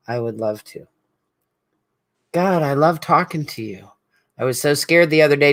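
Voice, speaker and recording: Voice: mid-range voice, fairly bright tone. A middle-aged speaker, giving an emotional, rambling tribute straight to an absent friend at a support group meeting. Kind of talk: heartfelt spoken tribute to a friend.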